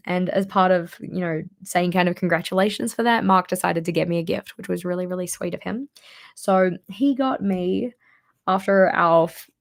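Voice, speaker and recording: A young woman vlogger speaks in a tired, hoarse voice with a gravelly edge. Her chat is casual and rambling, full of fillers as she shows things to the camera. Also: lowish voice. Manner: chatty, rambling with many fillers. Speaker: planner vlogger. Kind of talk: casual show-and-tell chat.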